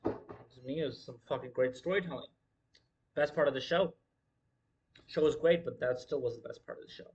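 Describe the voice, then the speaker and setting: Guy ranting on his wrestling livestream, swears a ton, keeps repeating himself, normal mid pitch. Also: normal speed, long pauses, darkish tone, lo-fi sound. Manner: profane, emphatic, repeats himself. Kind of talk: casual livestream commentary.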